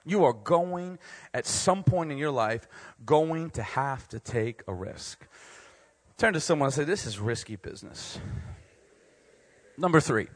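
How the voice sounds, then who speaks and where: A young man preaching a sermon to university students, joking and animated, swinging between loud outbursts and quiet, earnest points. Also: on the high side, measured pace, no echo. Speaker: pastor speaking to university students.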